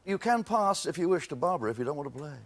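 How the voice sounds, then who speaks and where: Very fast and a bit high-pitched, a man reads answers aloud while hosting a television quiz show. His delivery is lively, packed with puns and witty quips, and the broadcast has background noise.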